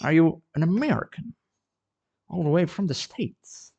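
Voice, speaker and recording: A chatty ceramic artist from the Netherlands chats casually on a live stream from his art studio, often repeating words as he thinks. His voice is fairly high yet gravelly and dark in tone, expressive and unhurried, and the sound is lo-fi.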